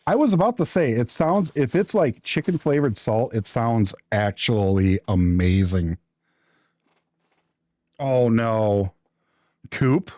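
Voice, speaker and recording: A man's voice: medium pitch, lively intonation, slow pace, pauses often, darkish tone, no echo. A man casually chatting with his viewers during a live stream, joking and thinking aloud while he builds.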